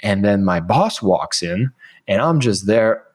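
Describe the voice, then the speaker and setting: A man in his thirties speaks as a podcast guest, in a voice pitched on the low side. He tells a casual story in an animated way, acting out the lines he once said. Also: a little slow.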